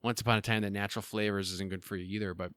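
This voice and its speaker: Chatty podcast host man, bright crisp voice. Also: fairly low pitch, steady tone, rapid-fire, dry recording, clean studio sound. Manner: rambling, chatty, self-deprecating with frequent fillers. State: breathing heavily. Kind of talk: casual solo podcast chat.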